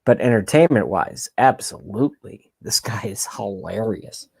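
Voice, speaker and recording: A man's voice: lowish voice, expressive, a little slow, vocal fry, breathy edge. Loose-talking, profane male vlogger. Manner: loose, profane, self-mocking. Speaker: vlog host. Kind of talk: casual rambling commentary.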